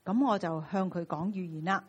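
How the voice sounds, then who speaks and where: A woman's voice: lowish voice, brisk, breathy edge, highs cut off. A woman interpreting a sermon phrase by phrase, using many fillers.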